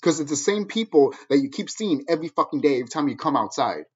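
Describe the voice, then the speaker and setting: Guy cursing nonstop and lecturing, husky voice, kinda high, muffled lo-fi sound. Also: animated, quick pace, darkish tone. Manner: profane, angry, preachy. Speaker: vlogger. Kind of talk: ranting monologue to camera.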